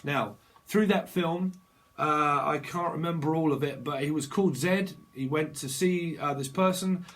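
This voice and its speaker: Guy rambling through a tarot reading, slangy and sweary, slightly high voice. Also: moderate pace, fairly bright tone. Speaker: tarot reader. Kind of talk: channeled tarot reading monologue.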